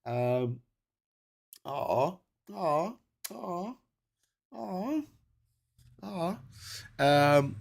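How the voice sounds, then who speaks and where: A man hosting a long solo livestream, reading out viewer messages in an excitable, chatty way, laughing often and restarting his sentences, and tired from the long stream. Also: mid-range voice. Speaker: livestream host.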